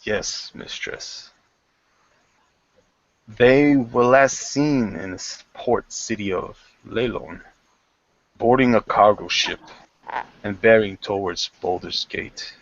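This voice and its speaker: A loyal armored servant delivers his report in a formal, respectful hush, as a man voices him in a tabletop game. His voice sits low and moves slowly. The recording is dull and lo-fi. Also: no echo.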